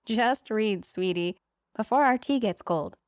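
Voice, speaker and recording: A woman's voice: medium pitch, expressive, a little slow, no room sound, clean studio sound, lightly acted. A woman voicing a doting older aunt who speaks in a soothing, affectionate way in a storybook reading.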